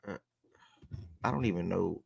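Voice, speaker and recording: A man in his twenties hosting a casual sports talk show, animated, swearing and talking straight to viewers. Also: sits low, moderate pace, creaky, breathy edge, dry recording, studio quality. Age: 20s.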